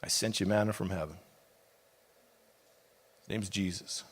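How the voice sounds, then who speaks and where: A man's voice: low-pitched, steady tone, unhurried, breathy edge. A middle-aged man, a pastor, preaching a sermon with impassioned, conversational delivery and casual asides.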